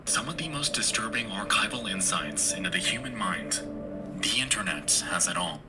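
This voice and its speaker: A man imitating an internet horror narrator, speaking slowly with lingering pauses in a breathy, half-whispered voice. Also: lowish voice, lively intonation, over music, pitched below the performer's own voice, lightly acted. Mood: ominous. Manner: slow and lingering, with dramatic pauses.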